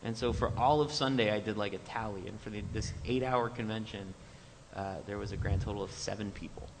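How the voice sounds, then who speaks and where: A man with a slightly low voice tells a dry, wry story on a convention panel. The sound carries a long hall reverb with faint noise behind it. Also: fairly even intonation, fairly quick. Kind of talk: casual anecdote on a convention panel.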